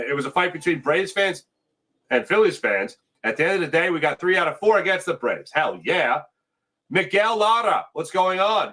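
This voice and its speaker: A man's voice: fairly high pitch, bright, forceful tone. A man hosting a sports talk stream, chatting casually as he reads out viewer comments and sponsor spots. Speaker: sports show host. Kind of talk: casual live-stream chat reading comments.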